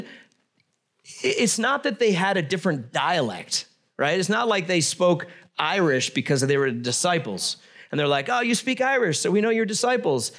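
A man's voice: a little high, a bit bright. Man preaching a casual, joking sermon. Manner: conversational, joking asides with laughter. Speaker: pastor.

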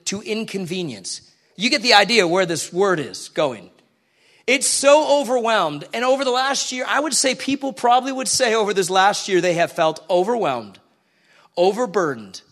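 A man's voice: sits high, a bit bright. A man preaching a conversational sermon in a church, asking the congregation questions as he goes.

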